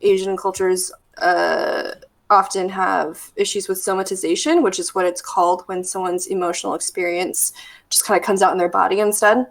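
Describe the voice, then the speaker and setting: A woman's voice: medium pitch, little pitch movement, normal speed, gravelly. A woman therapist talking through ideas in a casual podcast conversation, thoughtful and full of fillers. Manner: thoughtful, storytelling with many fillers. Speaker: therapist guest.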